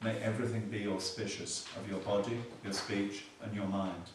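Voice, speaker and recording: In an echoey meditation hall, a male teacher with a fairly low, level voice offers dharma teaching, captured from a distance with faint hiss or hum. He goes slowly, repeats key words, and slips in dry humor.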